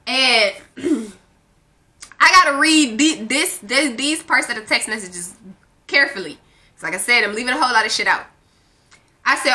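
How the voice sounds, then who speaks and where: A young woman, casually telling a dating story to her viewers, sassy and animated, swearing freely and reading out text messages. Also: sits high, moderate pace, long pauses.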